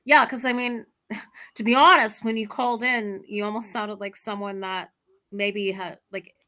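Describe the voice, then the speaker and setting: Bright-voiced chatty English teacher woman. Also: medium pitch, fairly even intonation, measured pace. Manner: chatty, laughs easily, many "like"s. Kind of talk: online English lesson conversation. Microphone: computer mic on a video call.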